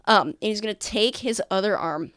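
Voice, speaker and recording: A woman's voice: mid-range voice, normal speed, fairly bright tone, smooth, dry recording, clean studio sound. A woman narrating a tabletop game as game master, describing scenes with many fillers.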